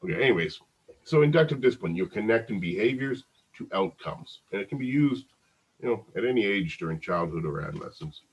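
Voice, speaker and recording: A man's voice: lowish voice, expressive, a little fast, slightly rough, highs cut off. A man teaching a psychology lecture in a conversational way, often restarting and repeating words. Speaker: psychology instructor. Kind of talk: recorded lecture.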